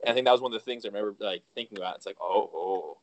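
A man's voice: on the low side, racing. A man co-hosting a podcast, chatting casually, restarting his sentences and acting out his own reactions. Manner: animated, trails off and restarts, acts out quoted reactions. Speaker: podcast co-host. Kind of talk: casual chat.

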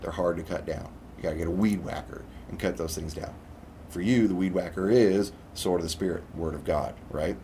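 Man, very low voice, casual sermon, reads bible verses, asks "okay?", faint background hiss. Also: brisk, mellow. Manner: conversational, repeats "okay?" often; reads scripture aloud. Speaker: preacher.

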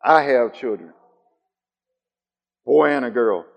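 A man preaching a sermon. He swings between soft, low musing and loud, high calls, and he repeats his phrases in a steady rhythm. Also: slow pace, gravelly, big-room sound.

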